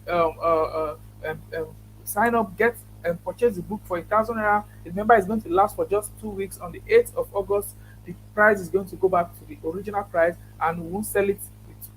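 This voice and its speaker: A man's voice: high-pitched, slight background noise, rough recording. A Nigerian man hosting an online conference, giving earnest closing remarks and thanking people, with many restarts. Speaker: conference host.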